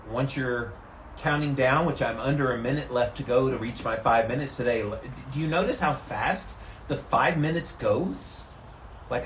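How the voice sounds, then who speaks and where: A man vlogging from an ice bath, talking calmly and steadily to the camera. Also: medium pitch, reverberant, a little hiss or hum. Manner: calm and steady, relaxed despite the cold. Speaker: vlogger doing a daily ice bath challenge. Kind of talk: casual talk to camera. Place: sitting in an ice bath tank.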